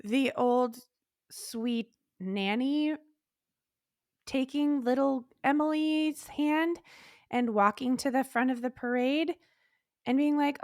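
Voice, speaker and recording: A woman co-hosts a candid podcast chat and speaks frankly and with energy, swearing freely. Her voice sits a little high. The recording is close and dry. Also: slow pace, no echo. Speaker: podcast co-host. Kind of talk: candid casual conversation.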